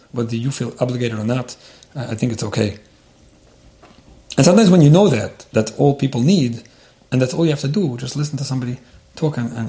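A man's voice: mid-range voice, mellow. A man giving earnest relationship advice in response to a letter, often repeating words and using Yiddish terms. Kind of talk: advice talk.

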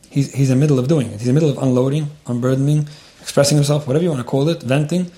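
A man talks quickly through advice on a letter, repeating himself as he goes. His voice is warm and dark, and his steady, earnest delivery is dotted with Yiddish terms. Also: mid-range voice. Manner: earnest, repeats words, Yiddish-laced phrasing. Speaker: advice-giving rabbi answering a letter. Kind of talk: advice talk.

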